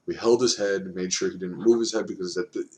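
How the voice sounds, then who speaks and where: A man's voice: low voice, fairly even intonation, fast talker, darkish tone. A man casually recounting grim work stories on a podcast, blunt and profane. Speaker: podcast host, former officer. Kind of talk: casual storytelling chat.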